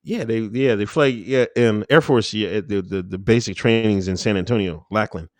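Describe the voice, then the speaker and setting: A man's voice: on the low side, moderate pace, no echo. A man talking casually as an interview guest, rambling with lots of fillers and easy laughs. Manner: laid-back, rambling, full of fillers and laughs.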